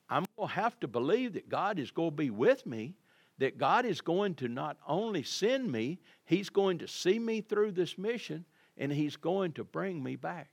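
A man's voice: fairly high pitch, big pitch swings, a little slow, creaky, dry recording. An older man, preaching a sermon in a folksy, conversational way with frequent repetitions.

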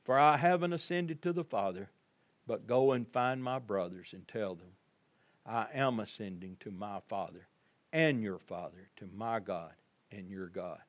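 A man voicing Jesus, a calm, gentle grown man, speaking softly in a low voice. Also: measured pace, natural voice.

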